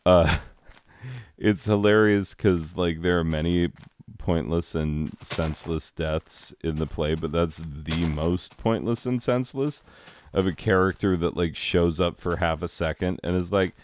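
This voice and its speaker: A young American man, a high school teacher, chatting casually while playing a game, rambling with frequent laughs and silly acted-out quotes. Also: fairly even intonation, moderate pace, darkish tone.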